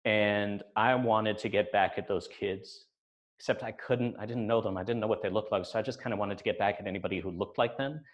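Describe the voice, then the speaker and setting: A man's voice: on the low side, fairly even intonation, a little fast, muffled recording. Man telling a wry personal story. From United States.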